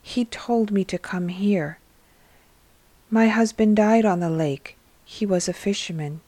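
A woman narrator voices a poor young widowed mother, subdued and plain-spoken. The voice stays near the reader's own middle pitch. It is recorded close and dry. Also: a little slow, mellow, dry recording, close to an everyday voice. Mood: downcast. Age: 20s.

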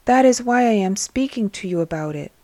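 A woman voicing an anxious old father who begs for his sick daughter, speaking higher and louder than her own narration. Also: animated, a little fast, no room sound. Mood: pleading. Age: older. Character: pleading old male beggar, anxious father.

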